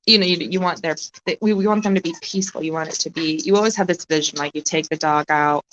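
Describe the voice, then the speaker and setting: A woman's voice: low-pitched, fairly bright tone, highs cut off. Tearful, swearing woman streaming live. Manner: halting, emotional, swears a lot. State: close to tears. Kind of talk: casual live-stream chat.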